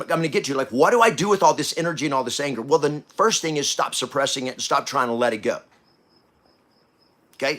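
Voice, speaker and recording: A man in his fifties hosting a podcast, giving a preachy motivational talk that swings between loud bursts and hushed asides. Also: mid-range voice. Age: 50s. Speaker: podcast host.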